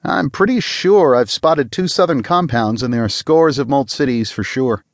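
A man plays a cocky, smiling spacer, bright and challenging, pitching his mid-range voice above his own while keeping it natural. He talks at a normal speed on a dry, clean studio recording.

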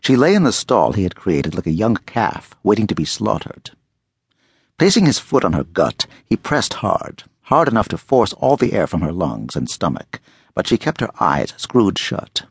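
A male audiobook narrator tells a gritty thriller with expressive, dramatic delivery. His voice is gravelly and husky, and it swoops through a wide range. The recording is dry and close. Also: fairly low pitch, normal speed, dry recording.

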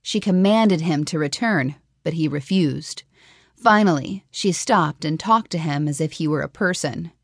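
Low-voiced woman narrating an audiobook. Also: dry recording, studio quality. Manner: steady, measured storytelling.

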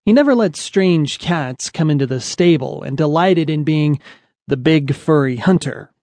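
A man narrating a children's picture-book story with a lively, expressive storytelling delivery. His voice sits a little high for a man. The studio recording is close and dead dry. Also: a little slow, no echo. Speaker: audiobook narrator.

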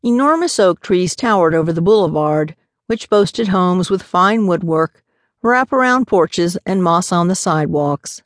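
A woman narrating an audiobook in an even, measured storytelling manner. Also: lowish voice, dry recording, clean studio sound. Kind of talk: scripted narration.

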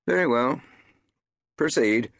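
A tired, dry-witted police chief, as a male reader puts him on, trying to keep witnesses to the facts. His lines come warningly and with measured patience, pitched above the reader's plain voice. Close and dry audiobook sound. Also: animated, vocal fry, no echo. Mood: dry, weary. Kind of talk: audiobook character voice.

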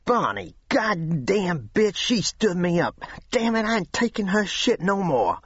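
A man voicing a volatile, crude young man of about nineteen who shouts profanity in drawn-out bursts. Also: high-pitched, sing-song, breathy edge, dry recording, lo-fi sound, voice pushed up, heavily acted. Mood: furious.

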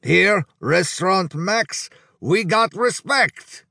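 A man's voice: high-pitched, lively intonation, vocal fry, no room sound, clean studio sound, pitched above the performer's own voice, full character voice. A man voicing a burly, drunk male Hungarian gangster who talks in blunt, crude, broken phrases. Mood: boorish, loud. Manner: loud, slow and bellowing.

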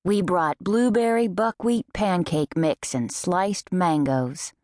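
A woman voicing a gentle, soft-spoken middle-aged male neighbor. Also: on the low side, takes it slowly, no room sound, studio quality. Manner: soft, mild.

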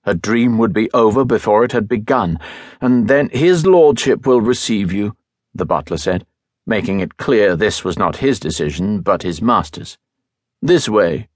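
A man reading an audiobook as narrator, in a measured, even storytelling manner, close to a studio microphone. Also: lowish voice, no room sound. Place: recording studio.

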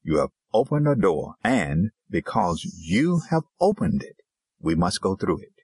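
A man's voice: deep voice, sing-song, measured pace, a little mellow, breathy edge, no echo, clean studio sound, exaggerated voice. A man voicing a troubled older Zulu village pastor in an audiobook, grave and at times harsh. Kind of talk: audiobook character reading.

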